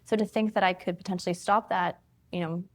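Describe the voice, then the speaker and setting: A woman's voice: lowish voice, fairly even intonation, brisk. A woman in her thirties, a family physician from Canada, explaining things in an interview conversation and laughing easily.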